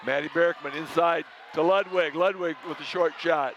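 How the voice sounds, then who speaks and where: A man doing play-by-play commentary for a high school basketball game, calling plays in short, brisk bursts. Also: fairly even intonation, muffled recording, noisy background. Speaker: play-by-play announcer.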